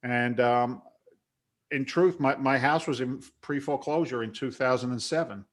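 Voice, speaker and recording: A man's voice: medium pitch, moderate pace. A man in his forties from London, with an accent that blends London English and Boston, talking casually and bluntly in an interview, laughing often. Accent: London English mixed with Boston. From London, England. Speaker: guest, real estate investor.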